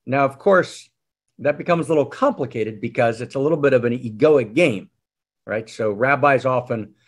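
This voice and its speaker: A man giving a sermon as a spiritual teacher, telling a story in a wry, expressive and intimate way. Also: medium pitch, normal speed, husky.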